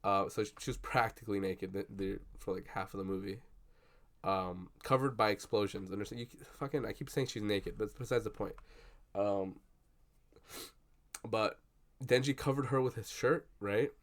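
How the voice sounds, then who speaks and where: A young man chatting casually at his desk about a film he just saw, rambling and swearing with lots of fillers and excited bursts. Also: lowish voice, moderate pace. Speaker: vlogger. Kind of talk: casual movie reaction chat. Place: at a desk indoors. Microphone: computer webcam.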